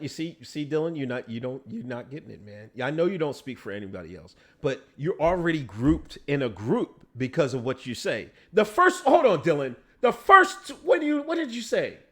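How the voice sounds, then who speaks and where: Animated man ranting on a livestream. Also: mid-range voice. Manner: profane, animated, talks back to chat. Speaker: livestream host. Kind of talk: casual livestream commentary.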